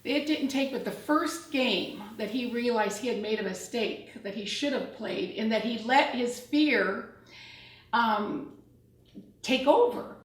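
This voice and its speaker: Older woman, mother interviewee, higher voice, slow and measured, roomy echo.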